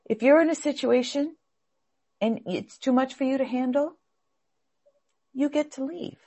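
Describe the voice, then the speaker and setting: A woman's voice: high-pitched, a little slow, mellow. A woman teaching a spiritual class, speaking earnestly and with feeling as she searches for her words.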